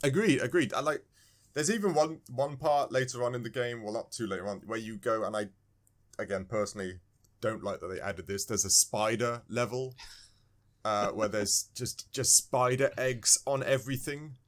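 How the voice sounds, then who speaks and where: A man co-hosting a podcast, talking about a game in a rambling, animated way, searching for words and chuckling often. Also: mid-range voice, normal speed. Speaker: podcast co-host. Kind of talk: casual game discussion.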